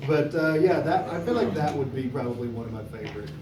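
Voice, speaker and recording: A man's voice: mid-range voice, quick pace. A young man moderating a convention panel, telling a casual anecdote with frequent laughter. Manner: animated storyteller, laughing often. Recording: echoey room, distant mic, background noise.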